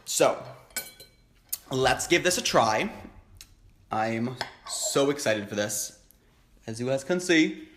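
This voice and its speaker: A young man hosting an eating show, chatting casually and excitedly between bites with lots of happy humming. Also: medium pitch, slow, pauses often, reverberant, a little hiss or hum. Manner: chatty, excitable, frequent hums of enjoyment. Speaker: mukbang host. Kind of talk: casual chat while eating. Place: home, indoors.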